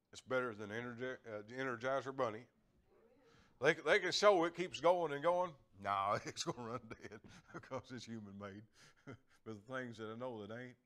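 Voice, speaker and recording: A man's voice: medium pitch, a bit bright. An older man delivers a homespun sermon from the pulpit. His speaking voice sits in an ordinary middle register. He stumbles over repeated words and lets out small chuckles as he preaches. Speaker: lay preacher. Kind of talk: folksy sermon.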